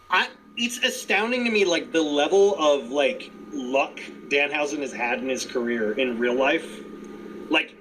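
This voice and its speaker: Lively, bright-voiced young man riffing. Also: fairly high pitch, a little hiss or hum, rough recording. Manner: animated, laughing, trails off and restarts. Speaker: podcast co-host. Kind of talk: casual chat.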